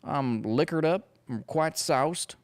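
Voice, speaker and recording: A man's voice: a little high, slow pace, pitched above the performer's own voice. A man voicing a tipsy, smug old Southern senator with an exaggerated Southern drawl. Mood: boozy bravado. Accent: US Southern (put on).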